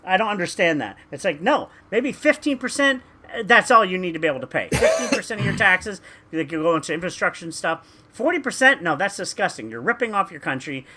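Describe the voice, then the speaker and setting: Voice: medium pitch, sing-song, fast talker, few pauses, pushed and bright, a little hiss or hum. A talker, ranting emphatically in casual podcast chat with stumbling restarts. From Canada.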